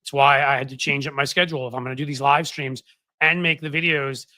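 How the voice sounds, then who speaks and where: Bright, chatty live-stream host. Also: male voice, medium pitch, steady tone, quick pace, no echo. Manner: rambling, chatty, many fillers and restarts. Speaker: political commentary host. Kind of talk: casual live-stream chat. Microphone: desk microphone.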